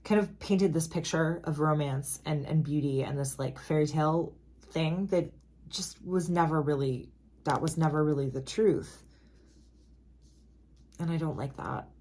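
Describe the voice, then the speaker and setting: A woman with a notably low-pitched voice reads tarot cards in an easy, conversational flow. She is emphatic and chatty, dropping frequent asides and apologies along the way. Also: normal speed, warm tone. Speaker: tarot reader. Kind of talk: casual tarot reading to camera.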